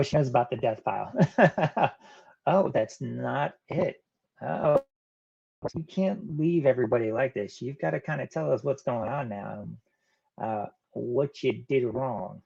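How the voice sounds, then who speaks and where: A man hosting a casual live stream, reading viewers' chat comments aloud and answering them in a relaxed, rambling way. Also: medium pitch, gravelly, dull audio. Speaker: live-stream host of a reselling channel.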